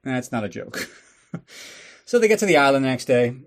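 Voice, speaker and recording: A man's voice: mid-range voice, sing-song, a little fast. A man with a mid-range voice recapping a film for a podcast audience. His delivery is loose and sarcastic, full of swearing and offhand jokes. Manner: sarcastic and profane, riffing on the plot. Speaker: podcast host. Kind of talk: casual comedic movie recap.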